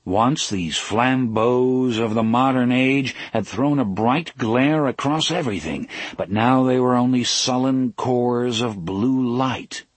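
A man narrating an audiobook in a measured, dramatic storytelling manner, slowing down for emphasis. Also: mid-range voice, no echo. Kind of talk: scripted narration.

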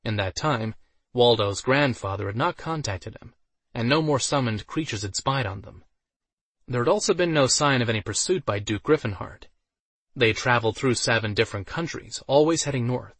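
A man narrating a fantasy story in a steady, even storytelling manner. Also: medium pitch, normal speed, dry recording. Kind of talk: audiobook narration.

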